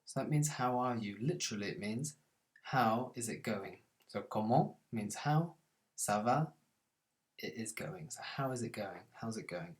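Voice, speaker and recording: Guy teaching basic french, says the french bits slow n clear then explains. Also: on the low side, animated. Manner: slows down and stresses French phrases, then explains them plainly. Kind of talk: scripted language lesson.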